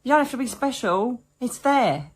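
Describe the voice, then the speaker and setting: A British woman, a psychic medium, telling stories to her viewers in a chatty, animated, colloquial way. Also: fairly high pitch, normal speed, slightly rough. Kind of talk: casual storytelling to viewers.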